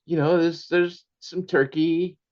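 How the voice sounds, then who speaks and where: Speaking slowly and steadily, an older man, an author appearing as an interview guest, relates family anecdotes with frequent laughter and occasional Spanish phrases. His voice is a little high with a darkish tone, and the high frequencies are missing.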